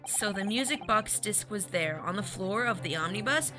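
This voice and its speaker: A polite, earnest young woman speaks softly and formally, as a streamer puts her on. Her voice sits a little higher and quieter than plain talk. Game music runs behind her. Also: animated, moderate pace, natural voice.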